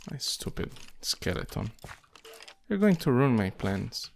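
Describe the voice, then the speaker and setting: A man giving casual gameplay commentary and muttering to himself in a slow, halting way while he plays. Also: medium pitch, big pitch swings, vocal fry. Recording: noisy home recording with keyboard and mouse clicks.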